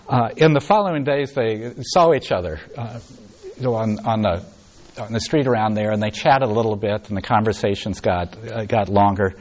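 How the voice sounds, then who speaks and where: Man, meditation teacher, retreat talk, lowish voice, soft unhurried storytelling.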